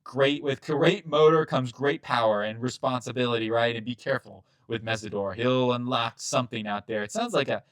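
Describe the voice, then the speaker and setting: A man's voice: mid-range voice, dry recording. Rambling, chatty man talking football. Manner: rambling, chatty, quick asides and self-corrections. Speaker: channel host reacting to a mock draft. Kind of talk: casual sports commentary.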